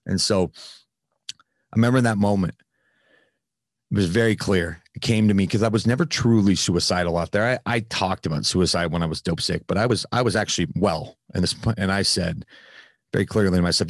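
Deep-voiced man telling a candid story. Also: brisk, no room sound, studio quality. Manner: candid, with frequent fillers and some swearing. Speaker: podcast host, guest telling his recovery story. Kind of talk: casual conversational storytelling.

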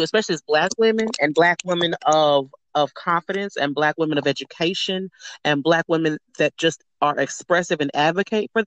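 A woman's voice: on the low side, no room sound, poor audio. A woman talking frankly as a guest on a podcast, emphatic and acting out quoted speech, swearing casually. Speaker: guest, sex educator. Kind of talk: candid podcast conversation.

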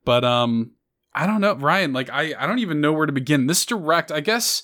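A man hosting a casual live-stream chat, talking excitedly and rambling. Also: fairly high pitch, normal speed. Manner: excited, rambling, self-correcting. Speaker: podcast host.

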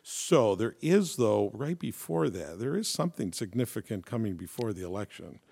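A man co-hosts a relaxed talk show. His voice sits a little low. He chats easily and jokes as he tells a story. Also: moderate pace, creaky, slightly rough. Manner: chatty, joking storyteller. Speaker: podcast co-host. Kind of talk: casual chat.

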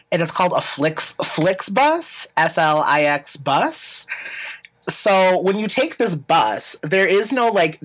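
On a rough recording, a podcast host recounts a travel story in a voice that sits low with a fairly bright tone. She rambles, restarting often and leaning on fillers, with casual swearing and laughter.

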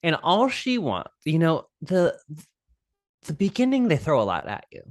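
A woman with an unusually low voice talks through a film with her co-host, full of laughs and playful impressions. Her pitch bounces around freely. The recording is dry and close, with no room sound. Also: normal speed, no echo. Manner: animated, laughing, acts out quotes from the film. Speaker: podcast co-host. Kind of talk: casual chat reviewing a movie.

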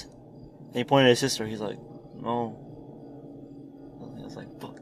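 A man's voice: medium pitch, steady tone, unhurried, creaky, a little hiss or hum. A young man in casual chat, telling a story with lots of swearing, acting out quotes and laughing often.

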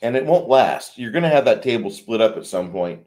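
A man's voice: medium pitch, expressive, brisk, darkish tone. A man co-hosting a casual chat about tabletop games, blunt and rambling, swearing freely as he talks. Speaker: game master, podcast co-host.

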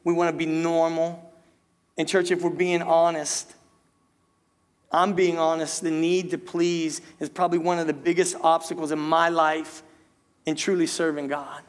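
A man's voice: on the high side, flat delivery, moderate pace. A male pastor preaching a sermon to his church. He repeats himself, stumbles on words and keeps asking the congregation rhetorical questions. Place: church sanctuary. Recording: long reverb in a hall.

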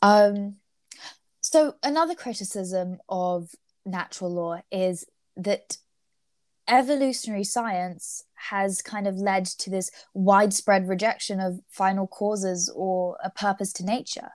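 A young woman talks through an ethics topic in a casual, thinking-aloud way, pausing often and filling gaps with hesitations. She speaks at an unhurried, slow pace. The sound is dry and close, with no room echo. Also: medium pitch, a little mellow. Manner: thoughtful, hesitant with frequent fillers. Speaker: co-host discussing ethics. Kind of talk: casual study discussion.

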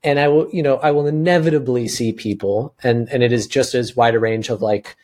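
A man's voice: mid-range voice, fairly quick, darkish tone. A man hosting a podcast. He talks earnestly and casually, with many restarts and fillers. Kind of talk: casual conversation.

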